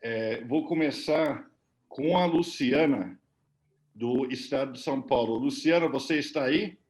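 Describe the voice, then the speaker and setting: A man from Brazil moderates the session over a video call. He talks haltingly and reaches for fillers between phrases. His voice sits at an ordinary pitch. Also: a little mellow. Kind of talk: hosting a Q&A.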